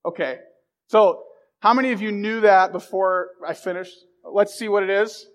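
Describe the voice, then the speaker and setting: A man with a noticeably high voice talks to a roomful of listeners in an easygoing, chatty way. He pokes fun at himself and trips over his own starts, then keeps rolling. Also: normal speed. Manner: chatty and self-deprecating, with many restarts. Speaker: speaker addressing a group. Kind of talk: casual talk to a live audience. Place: room with a live audience.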